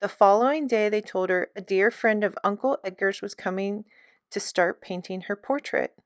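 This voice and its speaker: A woman reading a storybook aloud for an art class, telling it in an expressive, lively way. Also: mid-range voice, normal speed, no echo, studio quality.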